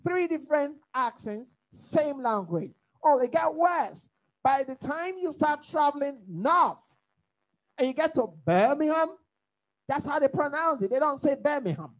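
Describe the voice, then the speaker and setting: A woman teaching a Bible study in preaching style, lively and humorous, asking the listeners to fill in her words. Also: high voice, normal speed, low-quality recording. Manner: rhetorical call-and-response questions; lively, humorous, mimics accents.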